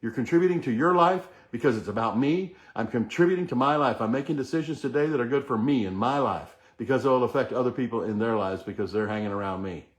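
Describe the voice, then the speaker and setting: A middle-aged man hosts a motivational session, his mid-range voice moving fast with few pauses. Earnest and repetitive, he leads the listener in chanting affirmations.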